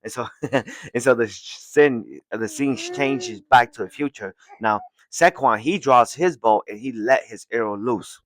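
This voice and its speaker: A man's voice: mid-range voice, measured pace, slight background noise. A man hosting a podcast, recapping a story in a casual, rambling way with restarts and frequent chuckles. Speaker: podcast host.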